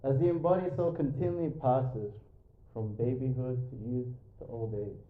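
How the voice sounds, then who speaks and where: A man's voice: mid-range voice, normal speed. A man giving a jokey, chatty spiritual talk to an audience in a yoga studio, full of fillers. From Australia. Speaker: spiritual speaker. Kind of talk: lecture with audience banter. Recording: echoey room, tinny phone-like sound.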